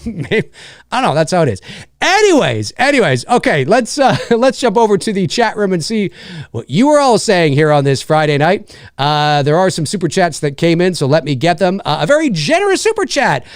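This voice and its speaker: A man's voice: high-pitched, big pitch swings, normal speed, no room sound, clean studio sound. A man hosting a live stream, ranting casually with lots of swearing and mocking voices. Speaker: host of a live stream show.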